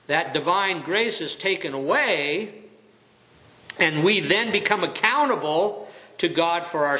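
A middle-aged man preaching a sermon, reading scripture aloud and explaining it slowly and earnestly. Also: on the high side, bright, forceful tone. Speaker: pastor. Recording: echoey room.

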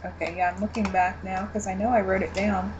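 A woman co-hosting a casual TV recap chat, giggling often and pausing with ums and restarts. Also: mid-range voice, flat delivery, background noise. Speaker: podcast co-host.

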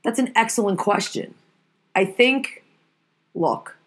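A woman's voice: medium pitch, animated, slow, husky. A woman hosting a podcast, ranting heatedly and swearing often. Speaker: podcast host. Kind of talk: casual podcast rant.

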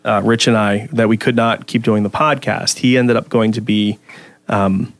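A man's voice: fairly low pitch, fairly even intonation, normal speed, no echo. A man who is a podcast guest, telling stories in a rambling casual chat full of restarts. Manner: rambling, many restarts and fillers.

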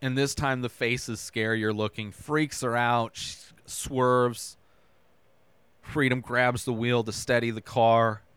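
A man's voice: medium pitch, fairly even intonation, slow pace, a bit bright, clear, resonant tone, dry recording. A man hosting a podcast, casually retelling a TV episode scene by scene, tossing in "right?" and loose quoted dialogue. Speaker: podcast host recapping a TV episode. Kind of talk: casual recap.

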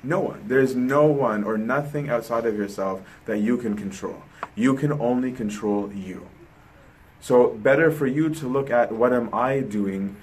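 A man's voice: medium pitch, low-quality recording. A man delivering a sermon in an easy, conversational tone with a mid-range voice. He poses questions to the listener and keeps checking in with "right?". A faint hum of noise sits under the recording. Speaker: preacher.

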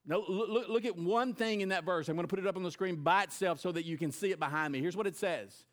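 Dynamic preaching man, loud then hushed. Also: high-pitched, quick pace, few pauses. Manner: dynamic preaching, swinging between loud emphatic bursts and quiet intense delivery. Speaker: pastor. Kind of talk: sermon.

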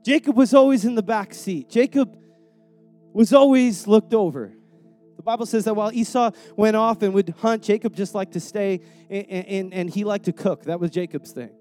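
High-voiced young preacher, conversational. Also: male voice, moderate pace, dark tone, soft background music. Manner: conversational, repeats words, slangy. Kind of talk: sermon.

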